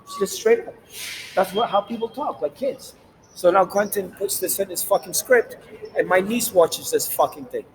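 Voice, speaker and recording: A man delivering a rambling, profane, animated monologue as the host of his own channel. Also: high-pitched, moderate pace, a little hiss or hum, poor audio. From Latin America.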